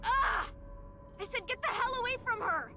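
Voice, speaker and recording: An actress voicing a fierce young woman protecting her pop star friend in a game, shouting and emotional. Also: extremely high pitch, animated, normal speed, over music. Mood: furious. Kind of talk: game voice acting.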